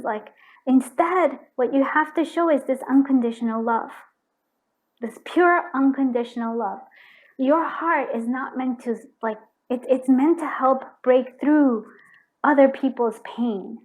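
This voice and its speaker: A woman's voice: high-pitched, poor audio. A woman giving a pick-a-card tarot reading, effusive and emotional, with frequent restarts. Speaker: tarot reader.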